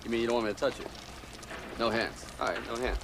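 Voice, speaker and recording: A man's voice: medium pitch, fast talker, lightly acted. An actor playing a brash young male union organizer, streetwise and pushy, blunt and teasing. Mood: coaxing. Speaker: union official. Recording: film soundtrack with steady background noise.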